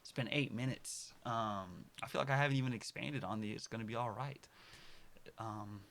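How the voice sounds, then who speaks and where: Bright-voiced young man rambling to camera. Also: medium pitch, moderate pace, creaky. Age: early 20s. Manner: rambling, self-correcting, swings between soft mutters and loud outbursts. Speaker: vlogger. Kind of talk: casual personal monologue to camera.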